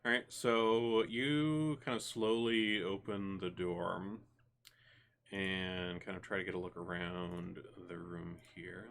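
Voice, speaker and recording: A man narrating a tabletop game as game master, relaxed and full of fillers. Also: deep voice. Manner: relaxed, many fillers and restarts.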